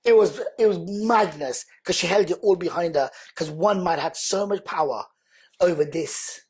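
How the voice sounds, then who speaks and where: A man, a podcast guest telling an emotional personal story in an animated, slangy way, repeating words for emphasis. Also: high voice, normal speed, husky.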